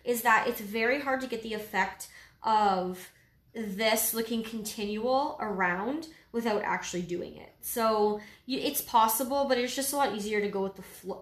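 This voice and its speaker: A woman's voice: medium pitch, moderate pace, fairly bright tone. A woman giving a casual step-by-step painting tutorial, easygoing and full of little fillers. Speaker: painting instructor. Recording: roomy echo.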